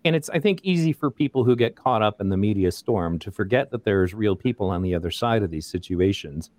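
A man hosting a podcast interview, introducing his guests in an earnest, measured way. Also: fairly low pitch, lively intonation, darkish tone, no echo. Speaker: podcast host.

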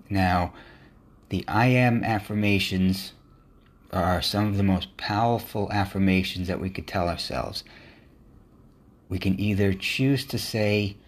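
Slow, earnest low-voiced male podcaster. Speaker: podcast host. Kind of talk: motivational podcast monologue.

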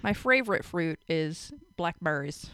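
A woman's voice: sits low, lively intonation, a little slow, a bit bright, clear, resonant tone, dry recording. A woman co-hosting a casual podcast chat, talkative, laughing often and swearing offhandedly. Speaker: podcast co-host.

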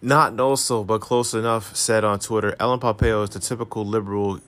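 A man talks through celebrity gossip in a fairly low voice, reading articles aloud. He drops sarcastic, profane asides between the quotes. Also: fairly even intonation, brisk, fairly bright tone. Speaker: commentary host. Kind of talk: casual celebrity gossip commentary.

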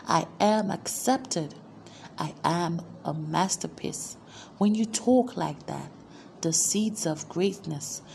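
A woman preaching with a gravelly, creaky edge to her voice, and her pitch sits on the low side. She speaks slowly and with weight, leading declarations line by line over faint background noise. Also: darkish tone. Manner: slow, measured, emphatic delivery. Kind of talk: sermon with spoken declarations.

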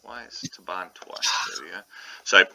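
A man's voice: deep voice, normal speed, creaky, bright, forceful tone, rough recording. A man narrating a tabletop role-playing game as game master, describing scenes with frequent restarts. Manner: hesitant, full of restarts while describing scenes.

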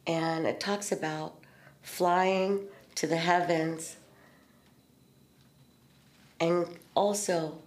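Earnest middle-aged woman, echoey room. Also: on the low side. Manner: earnest, storytelling, spiritual talk with swearing and laughs. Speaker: podcast host. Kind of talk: candid heartfelt conversation.

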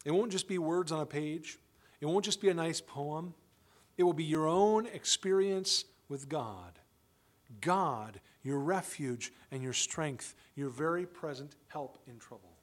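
A man's voice: on the high side, expressive, a little slow. A man preaching a sermon, emphatic and full of rhetorical questions. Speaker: pastor; father of children.

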